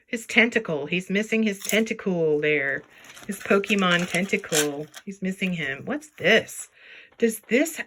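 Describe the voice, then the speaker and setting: A playful woman chats as she sorts through jewelry, talking to the pieces as if they were pets. Her voice is bright and keen, and it swoops up and down in a lively way. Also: fairly low pitch, normal speed, slight background noise. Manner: chatty and playful, talks to objects in silly voices. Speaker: jewelry reseller vlogger. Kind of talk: casual chat while sorting jewelry.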